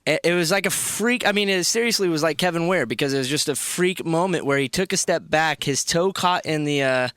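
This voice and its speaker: Bright, smooth-voiced sports co-host. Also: male voice, on the high side, fairly quick, few pauses, dry recording, clean studio sound. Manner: eager storytelling with fillers. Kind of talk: casual sports recap. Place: radio studio.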